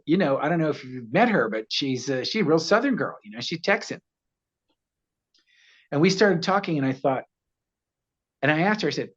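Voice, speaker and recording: A man in his sixties telling stories as an actor guest in a casual interview, animated and laughing often as he acts out quoted voices. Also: on the high side, normal speed, pauses often. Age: 60s. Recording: muffled lo-fi audio.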